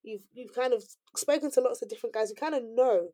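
A woman's voice: on the high side, quick pace, dark tone, no room sound, clean studio sound. A woman co-hosting a casual discussion, giving her opinions with lots of "like" and "you know".

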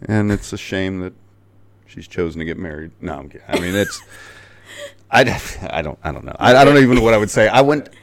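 A man co-hosting a podcast who makes deadpan jokes and mumbled asides. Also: lowish voice, fairly quick, a little hiss or hum. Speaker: podcast co-host. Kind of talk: casual podcast chat.

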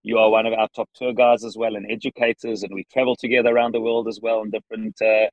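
A man with a South African accent, a podcast guest answering questions earnestly from his parked car, with frequent restarts and pauses. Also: lowish voice, level tone, dry recording, muffled recording. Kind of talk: thoughtful interview answers.

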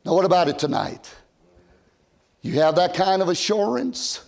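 An older man preaching an old-time sermon from a church pulpit, rising to loud shouted emphasis and dropping to quiet asides. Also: high-pitched, very animated, moderate pace, creaky. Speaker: pastor.

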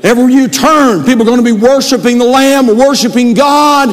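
A male pastor preaching a sermon, building to shouted emphasis. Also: very high voice, brisk. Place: church sanctuary. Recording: long hall reverb.

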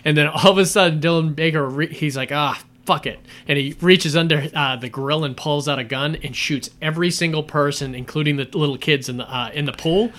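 A man's voice: a little high, brisk, few pauses. A man chatting casually about films on a podcast, retelling scenes with lots of fillers and the odd swear. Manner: animated storytelling, swearing, many fillers. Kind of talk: casual movie chat.

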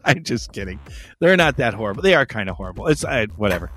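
A man's voice: mid-range voice, sing-song, fast, fairly bright tone, faint music behind. A man hosting a podcast, telling a story in a profane, rambling, wry way. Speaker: podcast host. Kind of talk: casual storytelling chat.

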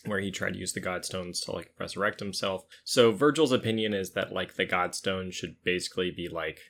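A man's voice: deep voice, a little fast, vocal fry, a bit bright. A man explaining his character's motives in a game, rambling with many likes and uhs. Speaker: player.

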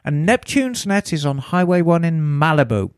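A woman co-hosting a podcast, giving tips in an expressive, casual way. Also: low-pitched, moderate pace, smooth, dry recording, studio quality. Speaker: podcast co-host. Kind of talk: casual chat.

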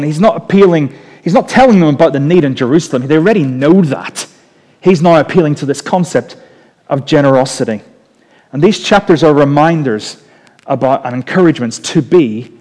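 Male preacher, high voice, joking and chatty sermon delivery, long reverb of a big church hall. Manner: lively, joking, conversational preaching.

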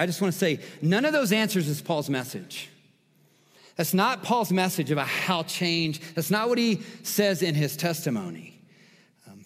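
A man's voice: a little high, long reverb tail. A man preaching a sermon as pastor, emphatic and repetitive, building intensity through lists of words.

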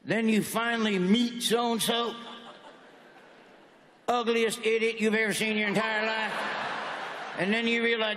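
A man's voice: high-pitched, moderate pace, fairly bright tone, slight background noise. A man performing a stand-up comedy routine, telling folksy stories with brash, punchy one-liners. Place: stage in a large venue. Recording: echoey hall with faint ambience.

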